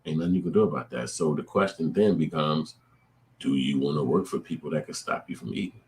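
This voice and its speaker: A man's voice: rumbling low, fairly quick, darkish tone. A man hosting his own show, talking straight to viewers in a blunt, profane, preachy rant. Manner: blunt, profane, preachy ranting with acted-out quotes. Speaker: show host. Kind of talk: casual opinion monologue to viewers.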